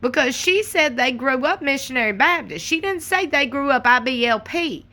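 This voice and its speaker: Woman, young adult, bright crisp voice, slightly high, sassy and animated, casual commentary. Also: normal speed. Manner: sassy, animated, talks straight to viewers. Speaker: commentary channel host.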